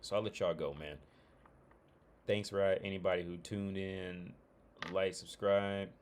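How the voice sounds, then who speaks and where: Deep-voiced casual guy. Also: fairly even intonation, unhurried. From Ohio. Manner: rambling, profane, loose restarts. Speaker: streamer. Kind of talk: casual livestream chat.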